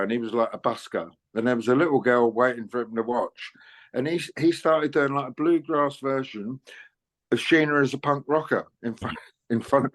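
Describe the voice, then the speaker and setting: A man's voice: medium pitch, fairly bright tone. Older man telling chatty stories. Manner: chatty, anecdotal, laughs often, many "you know"s. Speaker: interviewed musician. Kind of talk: casual storytelling interview.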